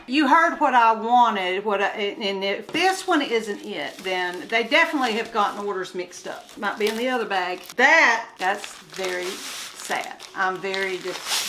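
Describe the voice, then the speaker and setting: A crafts vlogger with a medium-pitched voice chats casually with her viewers while unboxing kits at home, speaking straight to the camera and getting exasperated over problems. The background is noisy.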